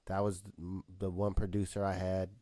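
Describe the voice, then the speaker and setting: Co-host type, low-pitched man, easygoing and rambling, dry close webcam sound. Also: flat delivery, moderate pace, mellow, dry recording. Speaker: podcast co-host and rapper. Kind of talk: casual chat on a live video call. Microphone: webcam video call.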